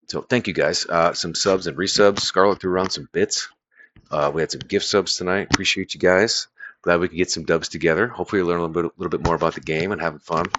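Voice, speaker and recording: Deep gravelly man streaming a card game. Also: sharp tone, highs cut off. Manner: loose and profane, thinking aloud. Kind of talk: casual live-stream chat while playing a card game.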